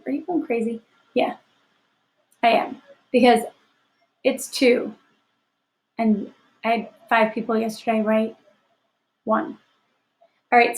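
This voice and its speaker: A woman's voice: on the high side, low-quality recording. A woman teaching a fourth grade class in a recorded lesson, upbeat and encouraging, often checking in with "right?". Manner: upbeat, encouraging, asks rhetorical questions. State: sleepy, yawning. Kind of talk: remote class lesson to children.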